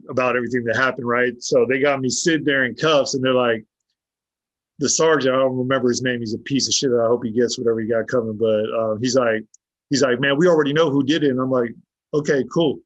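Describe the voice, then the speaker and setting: A blunt man swears freely as he tells a long story and acts out each quoted line. His voice sits in a middle pitch and sounds dull and muffled. The recording is dry, with no room sound. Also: fairly even intonation, fairly quick, no echo. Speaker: podcast guest. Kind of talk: casual storytelling.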